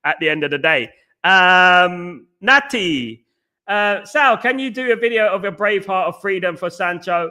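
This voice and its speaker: Chatty stream host, guy with a high bright voice, rambles and repeats himself. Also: normal speed, clean tone. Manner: rambling and jokey, repeats phrases, lots of fillers. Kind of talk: casual live-stream chat reading comments.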